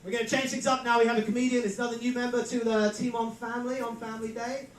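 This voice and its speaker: An English man in his thirties hosts a live stand-up comedy show, telling dry, self-mocking stories and laughing along as he goes. His voice is extremely high with little pitch movement and a racing delivery. The distant, roomy venue mic catches audience reactions and slight background noise.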